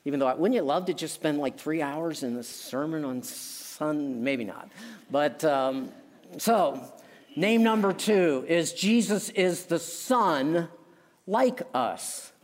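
A middle-aged man preaching to his congregation, his voice sitting a little high for a man. He mixes emphatic declarations with personal anecdotes and wry asides about himself. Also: expressive, slow pace. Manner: emphatic preaching with personal stories, frequent asides and self-deprecating jokes. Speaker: pastor. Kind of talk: sermon.

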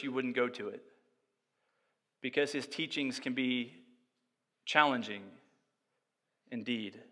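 A man preaching from the pulpit with a bright, forceful tone and a slightly high voice. He swings from hushed, unhurried musing into loud, driving emphasis. His voice rings out with a long reverb, as in a big hall. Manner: shifts between quiet, slow musing and loud, emphatic passages. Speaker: pastor. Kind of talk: sermon.

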